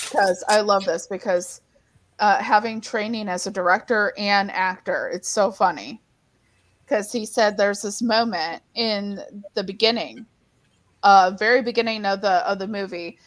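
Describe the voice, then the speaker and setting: A woman co-hosting a casual online comic book hangout, telling stories in an animated way with many restarts. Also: medium pitch. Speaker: co-host. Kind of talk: casual chat.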